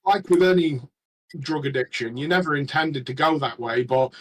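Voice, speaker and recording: Chatty man, slightly high voice. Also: fairly bright tone, low-quality recording. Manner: rambling, halting with many restarts. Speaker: regular panelist. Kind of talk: casual podcast chat.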